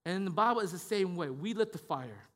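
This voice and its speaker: A man with a high voice preaches in a church, talking to the congregation in a loose, conversational way. He keeps checking in with "right?" and restarts his sentences, and the sound carries a long reverb. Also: expressive, fast talker, a bit bright. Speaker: pastor. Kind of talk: sermon.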